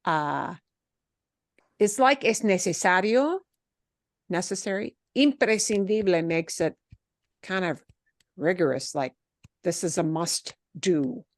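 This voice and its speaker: A woman teaching a class, patiently explaining and rephrasing, slipping in short Spanish phrases with a chatty, lively manner. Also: fairly low pitch, slow pace, pauses often, no room sound.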